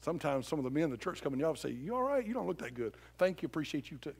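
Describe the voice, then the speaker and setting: Impassioned preaching man, fairly high voice. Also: very fast, creaky, slightly rough. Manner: impassioned preaching, swings from shouting to hushed. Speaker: pastor. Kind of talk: sermon.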